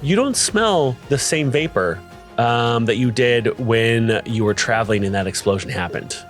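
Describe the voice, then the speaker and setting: A man's voice: medium pitch, animated, a little slow, faint music behind. A man narrating a tabletop role-playing game as dungeon master, in a casual, laid-back way.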